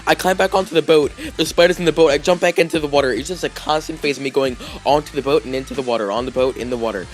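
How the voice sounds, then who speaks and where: A man vlogs in a slightly high voice, racing through a casual story. His telling rambles, heavy with fillers, restarts and repeated "like"s.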